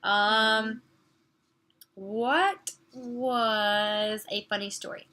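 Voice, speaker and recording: A woman's voice: fairly high pitch, fairly even intonation, drawn-out words, sharp tone. A young woman chatting casually with a friend in a vlog, bubbly and giggly, sometimes dropping to a whisper. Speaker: summer youth missionary. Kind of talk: casual chat.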